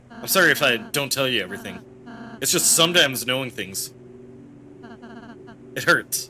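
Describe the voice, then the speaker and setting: Man reading as a timid stammering goat-boy prince. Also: medium pitch. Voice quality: stammering, soft-spoken. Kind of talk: reading game dialogue aloud.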